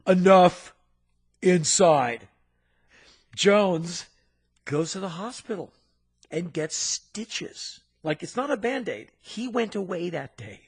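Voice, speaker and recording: A man co-hosting a podcast, telling a story in an animated, punchy way with sound effects. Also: sits high, slow, slightly rough. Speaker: podcast co-host. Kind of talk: storytelling in casual chat.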